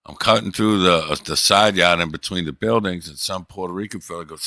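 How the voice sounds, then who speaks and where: A man's voice: low-pitched, brisk, sharp tone, dry recording. A man livestreaming, telling a long rambling story to his chat in loose, profane casual talk.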